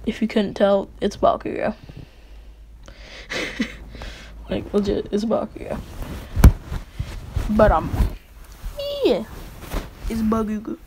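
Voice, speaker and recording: A woman's voice: mid-range voice, level tone, slow, pauses often, noisy background. A young woman casually narrating a fan story as channel host, giggly and rambling.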